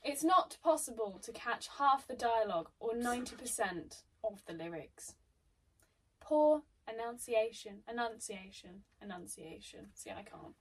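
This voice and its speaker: A woman reading theatre reviews aloud in casual chat, teasing her partner with quick asides. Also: a little high, expressive, slightly rough. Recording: distant mic with faint noise.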